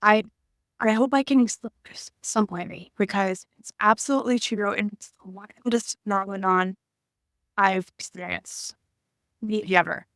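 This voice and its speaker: A woman in her thirties talking to camera about her own past, halting and emotional, often searching for words. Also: mid-range voice, fairly even intonation, fairly bright tone, dry recording, studio quality. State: tearful at times. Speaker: vlogger. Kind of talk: personal reflective talk to camera.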